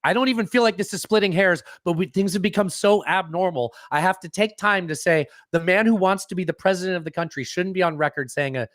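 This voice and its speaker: A man's voice: sits high, fast, hardly any pauses, a bit bright, no room sound, clean studio sound. A man co-hosting a casual political podcast, talking sarcastically and slipping into mocking voices. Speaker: podcast co-host.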